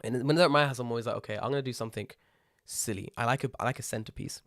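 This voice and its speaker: A young man, co-hosting a casual podcast, telling animated stories and swearing freely. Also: medium pitch, very fast, no echo, clean studio sound. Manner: lively storyteller, swears freely, impersonates friends. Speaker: podcast co-host.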